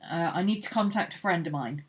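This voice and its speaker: A woman's voice: fairly low pitch, fairly quick. A woman hosting an art channel, chatting casually and rambling cheerfully as she sketches. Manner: chatty, rambling, laughs easily. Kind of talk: casual chat while sketching.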